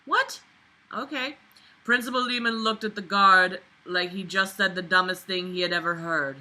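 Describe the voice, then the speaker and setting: Drunk young woman, very bright voice, swearing, mocking asides, comedic story reading. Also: medium pitch, moderate pace, low-quality recording. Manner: swearing, mocking, exasperated outbursts. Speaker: channel host reading a story aloud.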